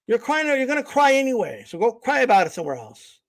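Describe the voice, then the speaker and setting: Brief: high-voiced man, livestream host, blunt and confrontational rant. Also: big pitch swings, quick pace. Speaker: boxing channel host.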